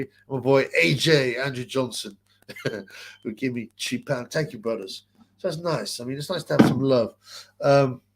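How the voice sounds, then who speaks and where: A man talks off the cuff as a livestream host, his voice rough with fry and sitting at an ordinary pitch. He rambles through crude gossip and reads chat comments, stopping and restarting often.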